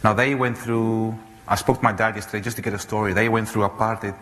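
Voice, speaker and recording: A man in his thirties from South Africa, giving an animated storytelling talk on stage, full of restarts and fillers. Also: lowish voice, fast. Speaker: speaker. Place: large auditorium. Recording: reverberant hall, faint noise.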